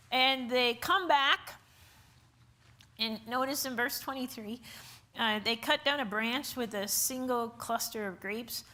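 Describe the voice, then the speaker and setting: A woman's voice: sits high, pushed and bright. A woman teaching an informal Bible class, chatty with many fillers and rhetorical questions. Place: church classroom.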